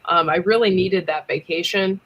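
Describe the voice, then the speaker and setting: A woman chatting casually on a livestream, laughing often and filling pauses with ums. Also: fairly low pitch, breathy edge, dull audio. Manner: giggly, chatty, lots of ums. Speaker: livestream co-host.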